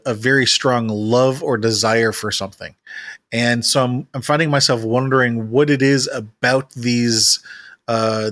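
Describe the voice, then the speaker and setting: A man's voice: mid-range voice, fairly bright tone. A man hosting an interview, asking thoughtful, probing questions and searching for his words. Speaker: podcast host.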